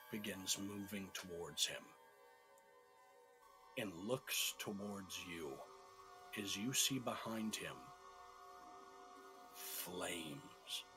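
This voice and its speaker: Slow, dramatic game master narrating. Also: male voice, on the low side. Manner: dramatic, measured storytelling.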